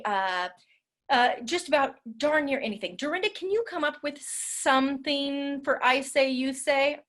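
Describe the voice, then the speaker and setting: A woman leading a drama workshop over a video call, chatty and animated with many fillers. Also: fairly high pitch.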